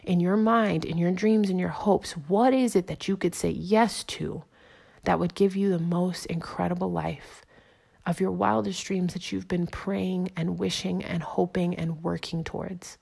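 A woman delivers an inspirational monologue in a low, gravelly voice. She speaks earnestly and encouragingly, stacking affirmations one after another. She slows down to let her key lines land. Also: fairly even intonation, a little mellow. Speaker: motivational speaker.

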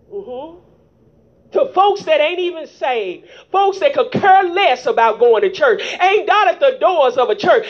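A woman preacher delivering a fervent sermon into a microphone in a church, calling out to the congregation with rhetorical questions, in a dull lo-fi recording. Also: high voice. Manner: fervent call-and-response, rhetorical "huh?". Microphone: handheld microphone.

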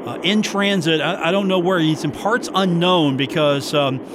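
A man hosting a sports talk radio show, chatty and joking with quick asides. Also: on the high side, heavy background noise. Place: radio studio.

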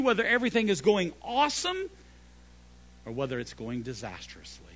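A middle-aged male pastor preaching a sermon, swinging between loud emphatic peaks and hushed low phrases, and repeating key phrases for emphasis. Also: wildly swooping pitch, moderate pace.

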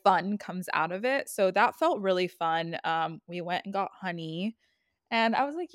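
A woman's voice: mid-range voice, normal speed, no room sound, studio quality. A young woman co-hosting a podcast in casual, reflective chat, full of fillers. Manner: chatty, reflective, many fillers like "like". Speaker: podcast co-host.

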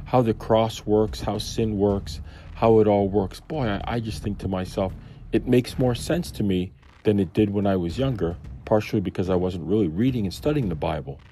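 A man's voice: lowish voice, moderate pace, mellow, faint music behind. A man giving a casual Bible commentary, musing and thinking aloud as he questions himself. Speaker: Bible study teacher.

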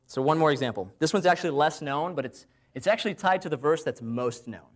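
A man delivers a conversational sermon in a rather high, expressive voice. He poses rhetorical questions to his listeners and slows down whenever he cites Bible verses.

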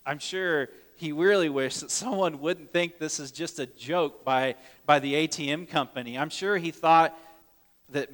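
A man preaching a sermon earnestly, swinging between loud urgent lines and hushed soft ones, often repeating words as he restarts. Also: fairly high pitch, normal speed, big-room sound. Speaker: pastor.

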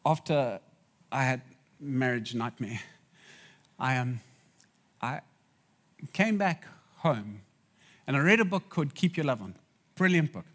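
A man's voice: mid-range voice, lively intonation, a little slow, pauses often, fairly bright tone. A man preaching a sermon in a conversational way, making asides to the audience.

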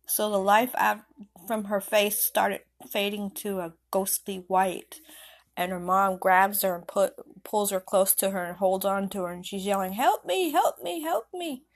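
Brief: woman storyteller, halting and rambling, casual improv. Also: medium pitch, little pitch movement.

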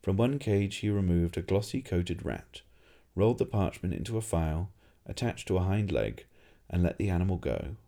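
Deep gravelly male storyteller. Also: expressive, normal speed, warm tone. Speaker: narrator. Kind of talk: audiobook reading.

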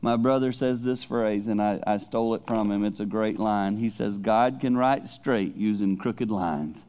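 Middle-aged male preacher: candid, animated storyteller with excited high-pitched peaks, dull lo-fi church recording. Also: normal speed. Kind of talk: sermon.

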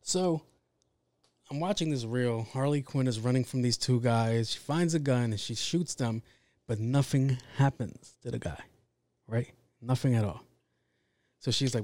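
A man's voice: mid-range voice, measured pace, darkish tone, no room sound. A man hosting a podcast, talking in a casual, rambling monologue full of swearing and self-interruptions. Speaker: podcast host.

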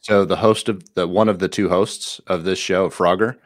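A man's voice: low-pitched, steady tone, normal speed, dry recording, clean studio sound. A man co-hosting a podcast, easygoing and agreeable in casual chat. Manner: easygoing, agreeable, recommends shows. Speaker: podcast co-host.

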